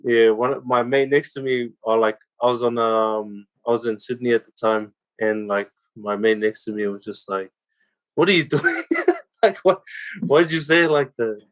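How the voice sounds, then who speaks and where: Man, podcast co-host, casual chat, laughs a lot, many fillers, slightly low voice. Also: normal speed, clean tone, rough recording.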